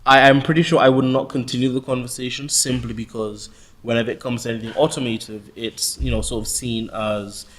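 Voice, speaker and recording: A man's voice: mid-range voice, fairly even intonation, a little fast, fairly bright tone. A man hosting a casual discussion, eager and rambling, with many fillers.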